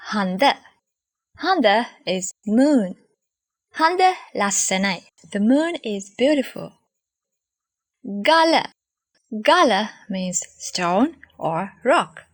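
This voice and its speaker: Young female teacher, native Sinhala speaker; slow, patient delivery that repeats each word; animated pitch; dry, close sound. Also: no echo. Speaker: language teacher. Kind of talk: slow, clear vocabulary lesson.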